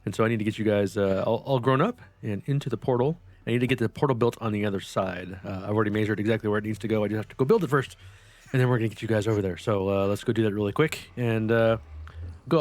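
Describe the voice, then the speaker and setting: A man giving casual gameplay commentary, chatting to the characters on screen, often correcting himself and jumping up in excitement. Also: fairly low pitch. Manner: chatty, talks to the game characters, lots of self-corrections; excitable, voice jumps up when pleased. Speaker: gameplay channel host.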